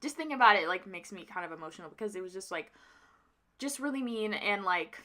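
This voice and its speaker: Bright-voiced young woman vlogging a story. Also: medium pitch, animated, quick pace. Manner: casual, rambling, with many fillers and restarts. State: emotional, near tears. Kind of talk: personal storytelling vlog.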